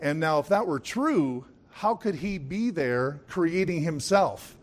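A man's voice: on the high side, lively intonation, takes it slowly. A man preaching a sermon, emphatic, with frequent calls of "Amen?" and chuckling asides. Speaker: pastor.

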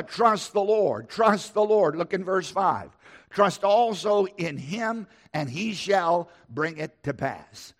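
Gravelly-voiced man preaching a sermon. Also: high voice. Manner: emphatic, repeats words, preacher's cadence. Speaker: pastor.

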